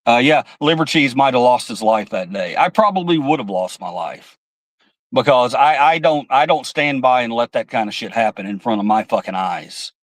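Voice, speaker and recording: A man's voice: medium pitch, lively intonation, normal speed, dry recording, poor audio. Angry, profane male livestream host. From United States. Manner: heated, profane, reads chat comments aloud. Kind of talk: angry political livestream rant.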